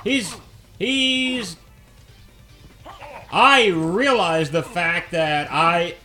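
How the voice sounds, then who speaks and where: A man's voice: sits high, very slow, bright, forceful tone, soft background music. Chatty man with a mild Southern accent. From Alabama, US. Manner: chatty and rambling, easy-going. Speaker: game streamer. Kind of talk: casual live-stream chat while playing.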